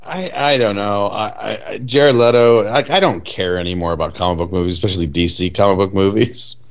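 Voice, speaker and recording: Blunt, profane low-voiced man. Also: brisk, muffled recording. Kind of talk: casual movie chat.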